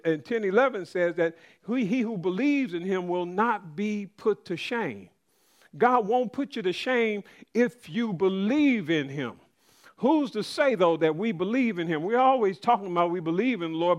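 High-voiced man preaching a sermon. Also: muffled recording. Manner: conversational preaching, calls to the congregation.

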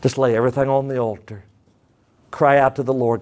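A man's voice: medium pitch, steady tone, a little mellow. A male pastor preaching a sermon, reading scripture emphatically and leading the congregation in prayer. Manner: slow prayerful tone.

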